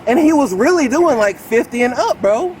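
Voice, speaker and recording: A man's voice: very high voice, moderate pace, a little hiss or hum, low-quality recording. A man in his late thirties giving an agitated, rambling account to a police officer outdoors by a road, recorded on a body camera. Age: late 30s. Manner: rambling, excitable, repeats "bro". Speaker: complainant speaking to police.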